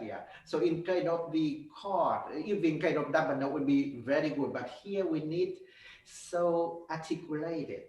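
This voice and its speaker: A man giving a piano master class, coaching in halting, simple phrases with many fillers and sung notes. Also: fairly high pitch, darkish tone. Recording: roomy, from far off, with piano.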